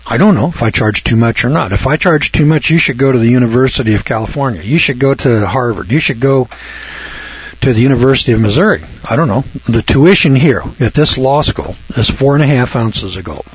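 A man lectures a class in a folksy, husky voice, tripping over words at times before pushing hard on a point. The recording is dull and lo-fi. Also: medium pitch, expressive, fairly quick. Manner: folksy, stammering at times, rising to heated emphasis.

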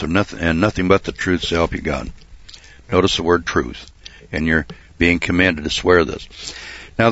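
A man preaching a folksy sermon and Bible study, often saying uh and clearing his throat. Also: low-pitched, fairly bright tone, no echo, highs cut off. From United States.

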